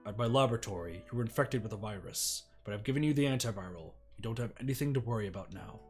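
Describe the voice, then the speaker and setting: Man voicing a middle-aged scientist father, remorseful, hesitant, quiet, faint music. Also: fairly low pitch, fast talker, close to an everyday voice.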